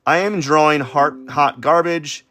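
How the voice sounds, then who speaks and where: A fairly high, pushed and bright voice, a little slow, comes from an adult man drawing on a livestream. He chats casually, rambles, stutters and talks himself down, with dry, studio-quality sound.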